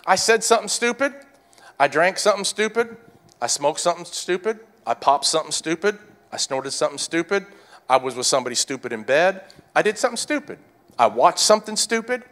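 A pastor preaching a sermon in a high, bright voice that leaps up and down. He calls on the congregation to answer, repeats his phrases for force, and moves between shouted peaks and hushed asides.

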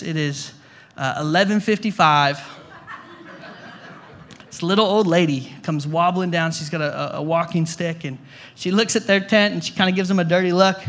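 Stammering, bright-voiced male pastor. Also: fairly high pitch. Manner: stammering restarts, repeats words; conversational, jokey asides. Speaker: guest pastor. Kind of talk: storytelling sermon.

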